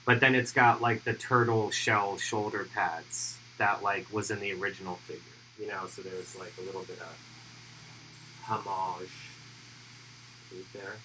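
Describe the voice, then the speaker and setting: A man's voice: fairly low pitch, measured pace, background noise. A man hosting a hobby painting livestream, casually explaining his airbrush steps as he works. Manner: relaxed, thinks aloud while airbrushing. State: hiccuping. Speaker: miniature painting livestream host.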